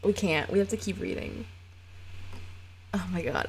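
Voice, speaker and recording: A woman streaming casual reaction commentary on a horror film, blunt and expressive, groaning and cursing freely. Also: medium pitch, normal speed.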